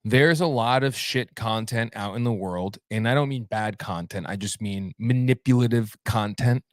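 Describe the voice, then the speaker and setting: A man's voice: fairly low pitch, normal speed, no room sound, clean studio sound. A man hosting a live show alone, chatting casually and reading out viewer comments in a rambling, friendly way. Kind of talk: casual livestream chat.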